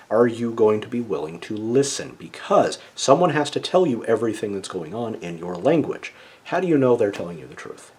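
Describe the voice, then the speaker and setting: A man's voice: medium pitch, a little mellow. A man giving a casual explanatory monologue as a video essayist, lecturing and checking in with the listener with a frequent "okay?". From United States.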